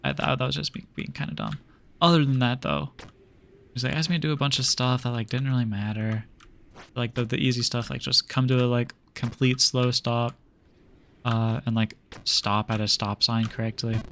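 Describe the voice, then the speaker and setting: A man's voice: medium pitch, level tone, normal speed, creaky, fairly bright tone, slight background noise. A young man streaming a game, telling a long story in a rambling, exasperated way full of fillers. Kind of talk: casual storytelling while gaming.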